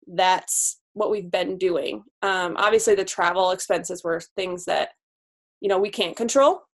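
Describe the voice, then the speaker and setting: A woman in her twenties, a new physical therapist, talking candidly in a casual podcast interview. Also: fairly low pitch. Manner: candid, chatty, quick laughs.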